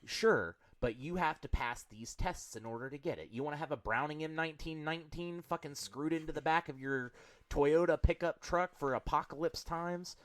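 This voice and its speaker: A man's voice: a little high, normal speed. A man co-hosting a podcast, talking in a blunt, emphatic way with plenty of swearing. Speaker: podcast co-host. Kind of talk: casual chat.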